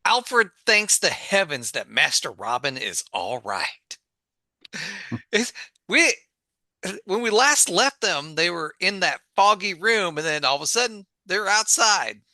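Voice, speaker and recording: A man's voice: high voice, big pitch swings, a little slow, pushed and bright, dry recording. A man hosting a podcast, introducing episodes and recapping plots with playful drama. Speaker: podcast host.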